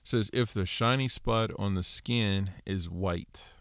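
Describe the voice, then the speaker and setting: A man's voice: fairly low pitch, a little slow, a bit bright, dry recording, studio quality. A man teaching a casual scripture lesson, walking through Hebrew word studies with lots of "so" and "okay.". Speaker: Bible teacher.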